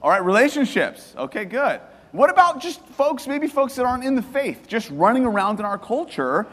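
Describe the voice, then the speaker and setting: A man preaching a sermon to a congregation, lively and joking, asking them questions and repeating their answers. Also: very high-pitched, normal speed, long reverb tail. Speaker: pastor. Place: church hall.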